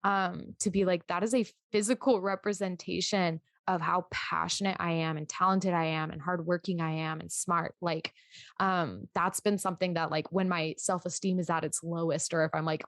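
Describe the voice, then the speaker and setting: Chatty young woman, low-ish voice. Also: fairly even intonation, normal speed, a bit bright, no echo. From United States. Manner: chatty, emphatic, heavy use of "like". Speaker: podcast guest, photographer and entrepreneur. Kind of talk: casual interview chat.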